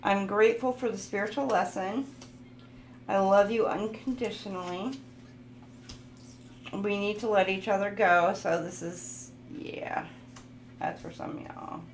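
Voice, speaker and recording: A woman's voice: medium pitch, steady tone, a little slow, pauses often. A woman giving a casual, playful tarot reading, sometimes goofy, reading card messages aloud to her viewers. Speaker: tarot reader. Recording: roomy echo, faint background noise.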